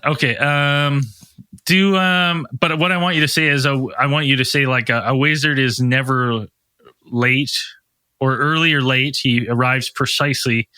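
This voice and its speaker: Male co-host, very bright and lively voice, dry close mic, laughing a lot. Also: medium pitch, moderate pace, clean tone, dry recording. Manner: laughing, egging others on. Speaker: podcast co-host. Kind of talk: casual chat.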